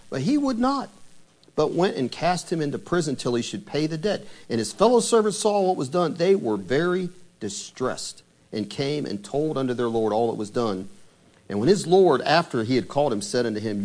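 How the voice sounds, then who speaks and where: This sermon comes from a married pastor whose voice is slightly high and whose pace is moderate. He preaches with animation, retells scripture, and fires off many rhetorical questions.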